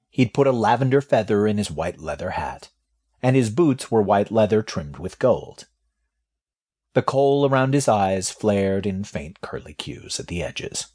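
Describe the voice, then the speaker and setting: Husky, lively male audiobook narrator. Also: lowish voice. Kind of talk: scripted narration.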